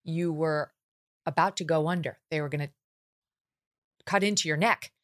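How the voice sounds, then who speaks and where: A woman's voice: deep voice, normal speed. A woman hosting an interview, leading into her guest's story with conversational questions and small restarts. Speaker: interview host.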